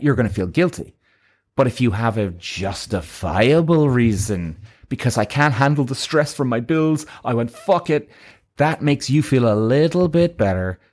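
A man's voice: medium pitch, a little mellow. Blunt, swearing man ranting to listeners. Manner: profane, ranting, keeps asking "right?"; acts out quoted voices. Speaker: podcast host. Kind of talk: blunt motivational monologue.

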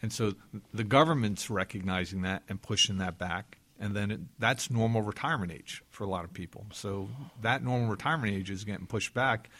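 A man in his fifties with a lowish voice hosts a financial advice talk show. He chats easily and often drifts into long anecdotes from his clients and his family. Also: brisk, hardly any pauses, fairly bright tone. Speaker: financial advisor and show co-host. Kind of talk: casual radio-show talk.

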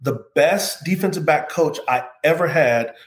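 With a fairly high voice and an unhurried pace, a man who once played pro football earnestly relates a personal story during an interview. He sounds heartfelt and reflective, and the recording has a roomy echo.

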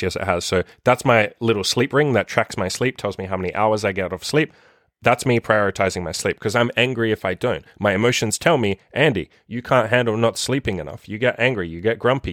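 A man's voice: lowish voice, fairly bright tone, dry recording, studio quality. Blunt, profane man lecturing. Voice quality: profane, emphatic, rapid rhetorical questions. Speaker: dating and self-improvement coach. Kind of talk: blunt motivational monologue.

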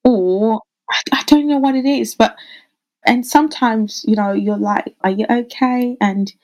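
A woman midwife answering interview questions in an earnest, thoughtful way, often pausing over her words with fillers. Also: on the high side, darkish tone, low-quality recording. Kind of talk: interview answers, casual conversation.

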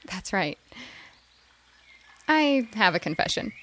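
An actress in an audio drama plays an eager, chatty young mother who has a psychology degree. Her mid-range voice is sing-song, slow, and fairly bright, punctuated by nervous little laughs.

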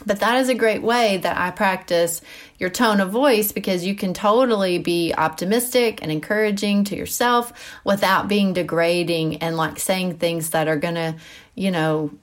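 A woman, a mother of school-age kids, hosting a casual Christian teaching podcast, talking in a chatty, animated way with frequent asides and fillers. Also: on the low side, moderate pace. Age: mother of middle schoolers. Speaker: podcast host.

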